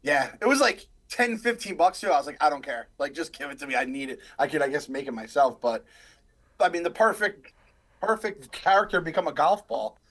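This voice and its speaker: A man's voice: a little high, fairly quick. A man in his thirties, a podcast co-host, rambling through casual live stream chat and stories. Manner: rambling, animated storyteller.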